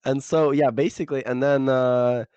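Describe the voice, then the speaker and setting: A man's voice: mid-range voice, fairly even intonation, moderate pace, a little mellow, clean tone, no echo. A young man co-hosting a casual podcast, telling a story in a rambling way, swearing and laughing often. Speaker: podcast co-host.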